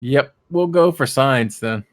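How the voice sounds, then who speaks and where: A man's voice: mid-range voice, slow pace, no echo, clean studio sound. A man playing a tabletop game, thinking aloud about which crew role to take. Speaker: player. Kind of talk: casual chat.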